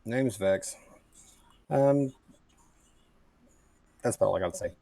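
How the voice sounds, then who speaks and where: A player, a man, answering in character with terse, deadpan lines. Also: on the low side, takes it slowly, vocal fry, dry recording.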